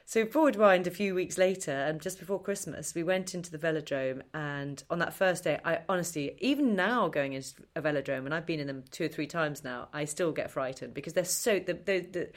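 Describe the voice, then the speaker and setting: A middle-aged woman telling a long story as a podcast guest, animated and self-mocking, laughing often. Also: deep voice, brisk, hardly any pauses. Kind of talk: chatty storytelling interview.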